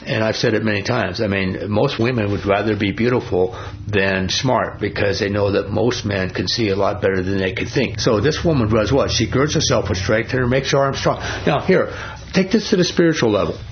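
A man's voice: on the low side, moderate pace, muffled recording, a little hiss or hum. A man preaching a sermon in a folksy, storytelling way, with frequent restarts and repeated asides.

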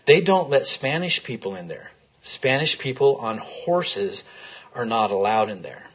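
A gentle father making light of a grim sight for his son, playful and joking, as a male teacher reads his lines aloud. The voice is a little husky, heard on a dull, lo-fi recording. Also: mid-range voice, big pitch swings, a little slow.

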